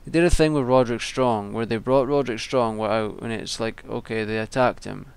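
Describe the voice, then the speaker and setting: Rambling young man with gravelly voice. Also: medium pitch, steady tone, brisk, no echo. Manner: rambling, frequent ums and restarts. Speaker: wrestling vlogger. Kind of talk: casual solo commentary.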